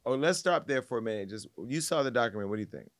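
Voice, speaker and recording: A man's voice: medium pitch, racing, no echo, studio quality. A man hosting a casual gossip podcast, telling stories with animation and acting out what others said. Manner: animated storytelling, acts out quotes. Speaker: podcast host.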